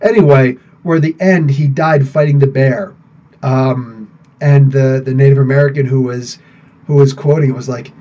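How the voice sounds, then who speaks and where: This man's mid-range voice moves at a moderate pace while he runs a live podcast stream and casually answers viewers. He rambles, stays animated, and laughs a lot. The audio is dull and lo-fi.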